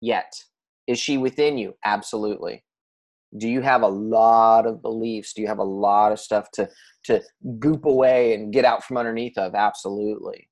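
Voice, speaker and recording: Blunt, low-voiced male coach. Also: steady tone, moderate pace, darkish tone. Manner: blunt, swears freely, many restarts. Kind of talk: casual coaching call.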